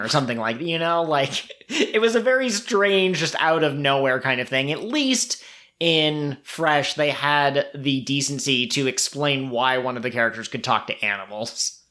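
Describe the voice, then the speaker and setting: A man co-hosting a podcast in casual chat, who laughs often and jumps his voice up high to quote characters. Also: measured pace, pushed and bright. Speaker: podcast co-host.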